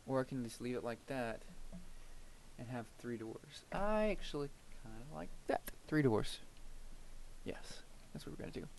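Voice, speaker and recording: A young man casually commentating his own gameplay, rambling and thinking aloud, often trailing off into quiet murmurs as he builds. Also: medium pitch, moderate pace, vocal fry, a little hiss or hum, rough recording. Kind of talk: casual let's-play commentary.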